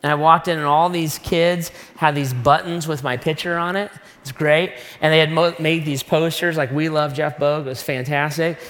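A middle-aged man preaching a sermon, telling a personal story in an animated, self-mocking way. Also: a little high, moderate pace, hardly any pauses. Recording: long reverb of a large hall.

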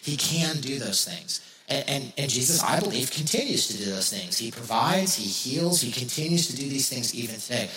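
A man's voice: mid-range voice, expressive, moderate pace, few pauses, pushed and bright, reverberant, low-quality recording. A man preaching a sermon in a conversational way, repeating key phrases for emphasis. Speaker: pastor.

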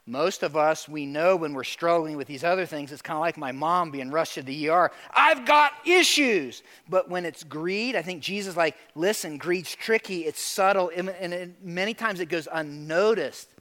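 A middle-aged male pastor preaching a lively sermon, acting out quotes and calling for amens. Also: fairly high pitch, normal speed, hardly any pauses. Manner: animated preaching, asks for amens, acts out quotes.

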